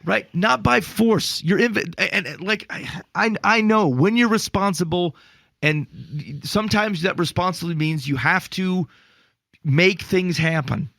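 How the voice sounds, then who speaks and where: Male podcast co-host, gravelly and mid-range, dry booth sound; animated storyteller with exasperated asides. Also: high voice, measured pace, dry recording. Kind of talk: casual podcast chat on faith.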